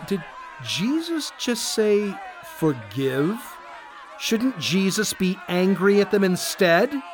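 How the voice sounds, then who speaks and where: A man voicing a gruff, mocking Roman centurion in a storybook reading, pitched a little above his own voice. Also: very animated, takes it slowly, music in the background, crowd noise, exaggerated voice. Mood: bewildered.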